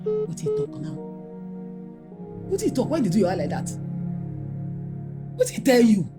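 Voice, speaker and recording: A woman's voice: on the high side, wildly swooping pitch, a little slow. An actress playing a protective middle-aged mother who speaks Nigerian Pidgin English, scolding with emphatic repeated questions. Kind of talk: Nollywood film acting. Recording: film soundtrack with faint music behind.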